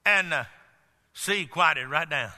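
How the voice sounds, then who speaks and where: Man, pastor, emphatic sermon, high voice, long hall reverb. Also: lively intonation, slow, bright, forceful tone. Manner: emphatic preaching with storytelling asides. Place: church sanctuary.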